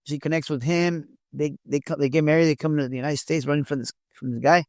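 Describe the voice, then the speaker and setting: A middle-aged man, born in Mexico, telling his family story as an interview guest in a halting way, with many restarts and repeated words. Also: a little high, fairly even intonation, a little mellow, dry recording. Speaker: interview guest, former police officer.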